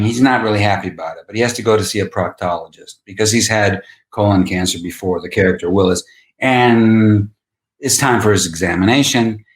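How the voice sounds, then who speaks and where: A male guest actor telling an animated, laughing anecdote on a podcast and acting out the quotes. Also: on the low side, roomy sound. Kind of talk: anecdotal storytelling.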